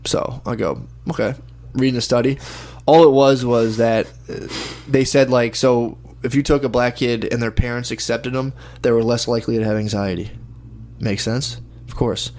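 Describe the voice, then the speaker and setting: A young man chatting casually, rambling through an animated story and mimicking other people's voices. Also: medium pitch, moderate pace. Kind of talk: casual chat.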